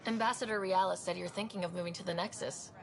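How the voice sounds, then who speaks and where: Played by a woman, she is a polite video-game character who talks quickly and gets straight to the point. Her manner is matter-of-fact and brisk. A faint background hiss sits under her lines. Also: on the low side, steady tone, natural voice. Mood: plain.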